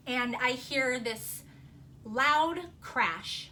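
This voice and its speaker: Bright-voiced woman telling a rambling story. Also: sits high, very slow, a little hiss or hum. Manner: animated, rambling, peppered with "like". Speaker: vlogger telling a personal ghost story. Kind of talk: casual spoken storytelling.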